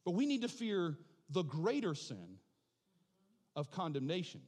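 Impassioned high-pitched male preacher. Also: sing-song, a little slow. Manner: impassioned, builds to shouting then drops to soft prayer. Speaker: pastor. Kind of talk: sermon. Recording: long hall reverb.

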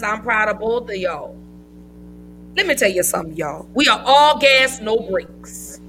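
A woman hosting a casual live podcast, talking in an effusive, affectionate way with drawn-out phrasing. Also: a little high, lively intonation, fairly bright tone, a little hiss or hum, low-quality recording. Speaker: podcast host.

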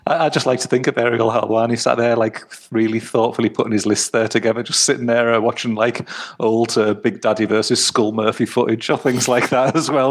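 A man's voice: medium pitch, fairly even intonation, a little fast. A man in a casual podcast chat, wry and hesitant, stumbling over his words.

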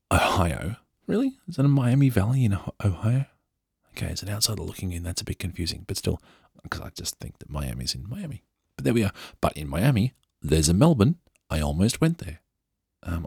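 A man's voice: sits low, vocal fry, a little mellow, slightly rough, no room sound, clean studio sound. An English man hosting a podcast, reading a news story aloud with chatty, joking asides. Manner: chatty, playful, jokey. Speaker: podcast host.

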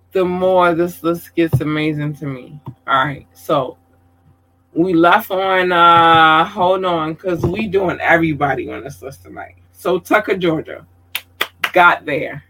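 Effusive male streamer, unhurried delivery, bright forceful tone, affectionate and casually profane. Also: on the high side, rough recording. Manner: effusive, calls viewers babies, swears casually. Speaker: content creator giving shout-outs. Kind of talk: casual livestream chat.

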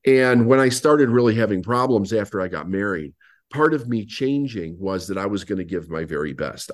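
A man, a business coach guest on an interview, telling his story and acting out old conversations. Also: lowish voice. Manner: animated storyteller, acts out past dialogue.

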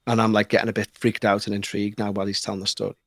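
Excitable Liverpool man telling a spooky tale. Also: lowish voice, very fast, no echo, clean studio sound. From Liverpool, England. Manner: animated, excitable, mimics others in the story. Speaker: podcast guest. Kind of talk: casual storytelling.

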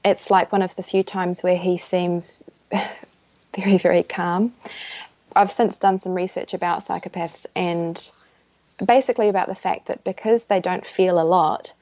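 A woman guest telling a personal story in an earnest, halting way, often restarting her sentences, recorded over dull lo-fi remote audio. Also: fairly low pitch, fairly even intonation, a little mellow, dry recording. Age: adult. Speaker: podcast guest.

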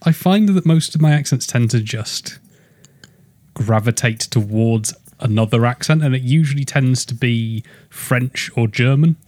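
A man co-hosting a casual podcast, joking around and getting animated when excited. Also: a little slow, no echo. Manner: jokey, animated, rising pitch when excited. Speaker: podcast host.

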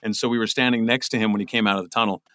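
A man's voice: fairly low pitch, steady tone, rapid-fire, a bit bright, no room sound, studio quality. A middle-aged man, a voice actor being interviewed, talking casually and rambling with lots of restarts. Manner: rambling, many restarts and repeated words. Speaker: voice actor guest.

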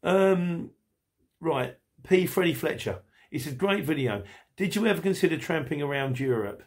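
A man's voice: fairly high pitch, lively intonation, normal speed. A man from England who drives vans, chatting casually to camera as he answers viewer comments, rambling along with lots of fillers and restarts.

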